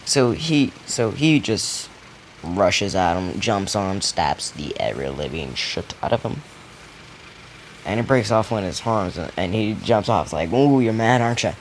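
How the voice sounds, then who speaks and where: Low-voiced guy rambling through a story, swearing a lot, voice jumps all over, faint noise. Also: a little slow. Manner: profane, rambling, animated. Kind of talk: casual retelling of a fan scenario.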